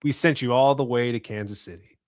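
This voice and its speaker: A man's voice: mid-range voice, a little fast, heavy background noise. A young man co-hosting a casual sports podcast, laid-back and understated. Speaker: podcast co-host.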